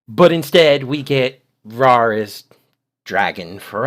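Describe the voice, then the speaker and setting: A man's voice: medium pitch, expressive, slow pace. A man hosting a channel, giving critical video commentary in an exasperated, sarcastic way and explaining translations in detail. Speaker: channel host.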